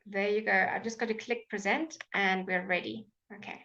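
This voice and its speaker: A woman with a British accent teaching English pronunciation in a live online class, enunciating words slowly and clearly, with frequent fillers. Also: medium pitch, fairly even intonation, pushed and bright, highs cut off. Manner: slow, clear, drawn-out enunciation with many fillers. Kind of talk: live online language lesson.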